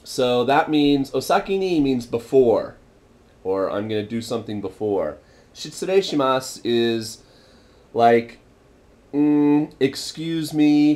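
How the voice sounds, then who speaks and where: A man's voice: medium pitch, darkish tone. Young man, casual vlog, rambling, lots of ums, repeats phrases, camera mic at home. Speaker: vlogger teaching Japanese phrases.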